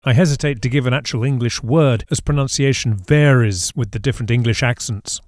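The clip is a scripted Spanish lesson narrated by a man with a brisk, mid-range voice, recorded cleanly in a studio without echo. He takes a patient approach, carefully saying each example word with clear model pronunciation.

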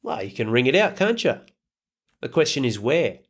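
A man's voice: mid-range voice, sing-song, normal speed, slightly rough. A man hosting a podcast, giving a blunt, profane motivational monologue full of rhetorical questions. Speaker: podcast host.

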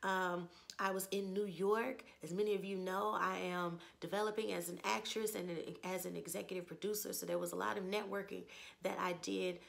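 Woman host with a strained, hoarse voice and a raspy fry, chatty and opinionated, fond of rhetorical questions. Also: mid-range voice, level tone, fairly quick. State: hoarse, lost her voice. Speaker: TV review channel host. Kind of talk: casual spoken TV episode review.

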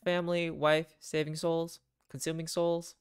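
Goofy, easygoing dad pastor in a dating game, a woman reads him, slow and low-key, dry close sound. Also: flat delivery, clean tone, no room sound. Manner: slow, drawn-out joking delivery. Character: laid-back middle-aged dad pastor, goofy.

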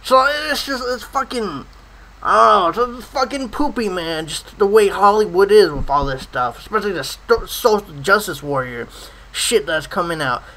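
A man's voice: high voice, expressive, moderate pace, bright, forceful tone, rough recording. A man in a profane comedic rant, swearing constantly and stammering over his words. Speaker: comedy ranter.

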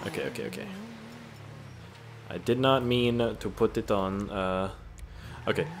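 A man's voice: on the low side, measured pace, noisy background. A young man hosting a gaming video with crude, joking, rambling commentary.

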